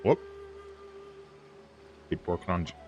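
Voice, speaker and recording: A man's voice: slow pace, highs cut off, soft background music. A man streaming a game, chatting casually and rambling with his viewers. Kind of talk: casual livestream chat.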